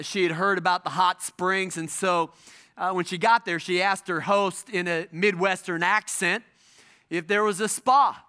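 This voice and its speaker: A middle-aged male pastor preaching a sermon, stressing his points with repetition and dramatic pauses. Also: sits high, bright, forceful tone.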